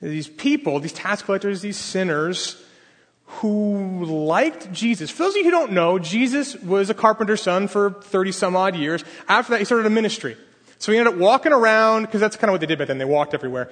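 A man's voice: high-pitched, expressive, brisk, a bit bright. A male pastor preaching a conversational sermon in a large hall, talking casually and asking the audience questions. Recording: long hall reverb.

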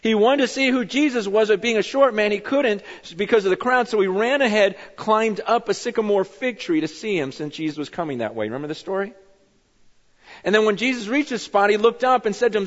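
A man preaching a lively sermon with a fairly high voice. He slips into the voices of the people in his stories as he goes. The sound is muffled and rings with the long echo of a large hall. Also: moderate pace. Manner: animated, acts out bible figures in his telling. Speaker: pastor.

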